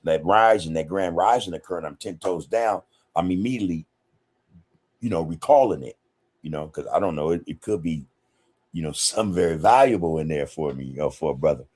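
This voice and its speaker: A man with a very low, deep voice hosts a casual livestream podcast. He talks loosely and informally, greeting viewers by name and filling his sentences with "man" and "you know". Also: fairly quick, darkish tone, breathy edge. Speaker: podcast host. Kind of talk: casual livestream chat, reading viewer comments.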